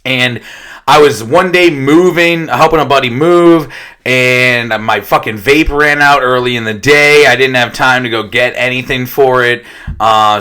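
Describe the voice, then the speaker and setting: A man's voice: mid-range voice, pushed and bright. A young man telling his own recovery story in a casual, blunt way, swearing constantly as he talks. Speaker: detox center worker sharing his recovery story.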